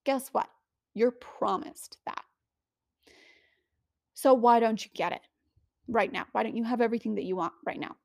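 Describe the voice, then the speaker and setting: A woman's voice: a little high, moderate pace, creaky, pauses often, dry recording, clean studio sound. Earnest woman giving spiritual coaching. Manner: earnest, conversational, rhetorical questions. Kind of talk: motivational spiritual teaching.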